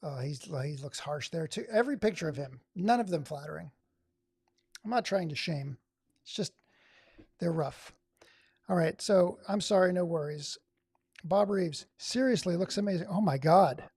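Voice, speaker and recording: A man's voice: on the high side, moderate pace, creaky, long pauses, a little mellow, husky, no room sound, studio quality. A man from Oregon hosting a live stream, giving sarcastic, exasperated running commentary. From Oregon, USA. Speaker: livestream host.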